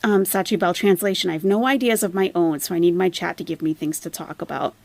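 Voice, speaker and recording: A woman's voice: fairly low pitch, fast, vocal fry, darkish tone, dry recording. A woman hosting a commentary channel, reading viewer comments aloud and answering them with sarcastic, casual remarks.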